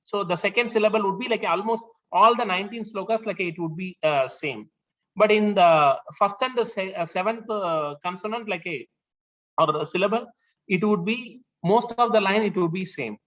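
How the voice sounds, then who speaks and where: A man leading a scripture class, explaining the verses slowly with many fillers and restarts. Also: high voice, a bit bright. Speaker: class leader. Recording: dull lo-fi sound.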